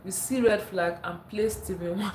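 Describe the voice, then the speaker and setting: Chatting casually on a livestream from home, an African woman reads out viewer comments and comments on them, laughing often. Her mid-range voice is a little mellow, with fairly even intonation and a moderate pace. There's a roomy echo and slight background noise; she uses a phone at first, then a clip-on mic.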